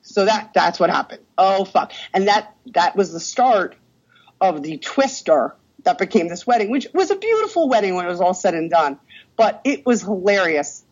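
A woman's voice: mid-range voice, moderate pace, muffled recording. A woman in her thirties, a podcast guest, telling a story with lots of swearing and acted-out quotes in casual chat. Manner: animated storyteller, swears freely, acts out quotes.

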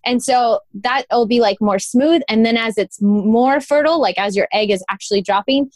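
A woman's voice: on the high side, normal speed, dry recording. A woman speaking as a guest on a casual podcast, explaining things in a chatty, informal way full of "like" and "um". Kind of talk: casual conversational interview.

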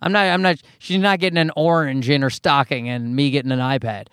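A man with a Newfoundland accent, hoarse from a cold, hosting his podcast in a rambling, profane, self-mocking chat. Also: a little high, fairly even intonation, a little fast, fairly bright tone, no room sound, studio quality. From Newfoundland, Canada. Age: adult, married. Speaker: podcast host. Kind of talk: casual solo podcast chat.

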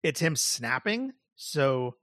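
A man's voice: medium pitch, big pitch swings, takes it slowly, fairly bright tone, dry recording, clean studio sound. A male podcast co-host talking casually and rambling, full of "like" and restarts. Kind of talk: casual chat.

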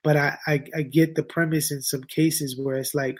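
A man's voice: fairly high pitch, level tone, normal speed. A man talking as a podcast guest in casual slang, repeating points for emphasis. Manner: informal slang, emphatic repetition. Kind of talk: casual chat.

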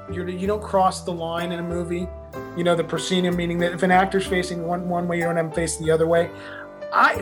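A film director being interviewed, talking casually and laughing at himself, with lots of restarts. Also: male voice, sits high. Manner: chatty, self-deprecating, many restarts.

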